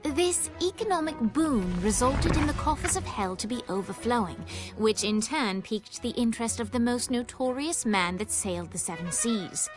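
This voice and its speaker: A woman's voice: on the high side, animated, normal speed, lightly acted. A woman giving scripted narration for a video game in a dry, storybook manner. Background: game music.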